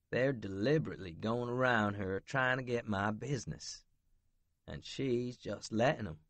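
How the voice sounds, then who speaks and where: A man's voice: low-pitched, a bit bright, no room sound. A man narrating a romance audiobook in first person, blunt and brooding, with profanity.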